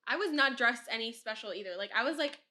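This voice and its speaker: A woman's voice: a little high, expressive, fast, pushed and bright. A woman in her twenties hosting a podcast, chatting casually and rambling with lots of "like" and frequent laughter. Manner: rambling, heavy use of "like", laughs often. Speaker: podcast host. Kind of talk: casual chat.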